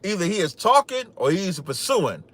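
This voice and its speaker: Loud, boastful male podcast host. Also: high voice, sing-song, a little fast. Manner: loud, boastful, trash-talking. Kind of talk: livestream commentary with scripture reading.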